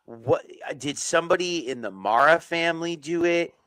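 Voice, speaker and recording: A man's voice: fairly high pitch, animated, moderate pace, a bit bright, clean tone, no room sound, low-quality recording. A man chatting as a guest on a casual podcast over a remote call, joking sardonically and swearing freely. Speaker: podcast guest, political activist.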